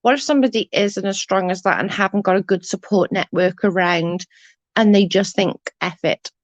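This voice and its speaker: A woman's voice: medium pitch, brisk, no room sound. A woman with an English accent chatting casually on a livestream, blunt and sweary as she answers comments. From England. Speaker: livestream host. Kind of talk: casual live chat reading comments. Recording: dull dry lo-fi stream audio.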